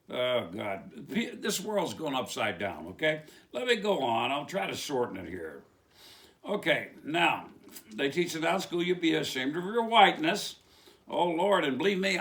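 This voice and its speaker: A man with a West Virginia accent delivers a loose, rambling sermon, peppering it with rhetorical questions. His voice sits high and bright and swings widely up and down, pushing hard on every point. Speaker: preacher. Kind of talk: informal sermon monologue.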